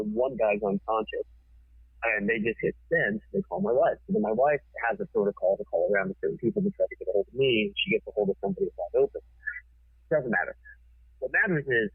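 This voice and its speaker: Husky, forceful male storyteller on thin audio. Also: fairly low pitch, no room sound. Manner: forceful, swearing freely. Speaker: TV producer, podcast guest. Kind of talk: casual storytelling. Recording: tinny phone-like sound.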